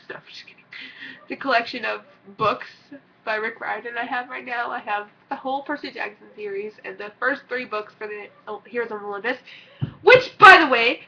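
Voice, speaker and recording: A teenage girl vlogging casually, an excitable, rambling fan who gushes and squeals. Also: a little high. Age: teens. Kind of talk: gushing casual vlog. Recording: dull lo-fi recording.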